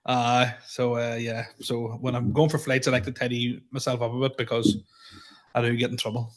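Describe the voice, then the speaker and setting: A man's voice: medium pitch, flat delivery, normal speed. Laid-back man chatting. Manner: laid-back, laughs often, trails off. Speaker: podcast co-host, comedian. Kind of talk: casual comedic chat.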